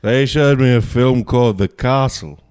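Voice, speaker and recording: A man's voice: mid-range voice, normal speed, a little mellow, clear, resonant tone, voice pushed up, natural voice. A man putting on the voice of a grumpy, tipsy older male film critic, talking in a haughty, curt way. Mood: scornful.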